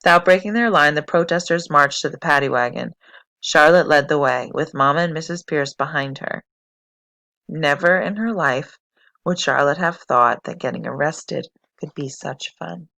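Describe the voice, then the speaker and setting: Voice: mid-range voice, normal speed, creaky, dry recording. Teacher reading a chapter aloud. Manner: steady, expressive read-aloud. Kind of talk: reading a novel aloud for a class.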